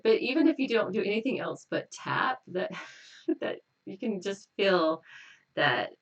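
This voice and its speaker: A woman's voice: mid-range voice, a little slow, recorded from a distance, dull audio. A woman hosting a live stream, talking casually and laughing as she leads viewers through repeated affirmations, a little tired. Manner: relaxed, chatty, laughs often, repeats affirmations. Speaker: hypnotist leading a tapping exercise.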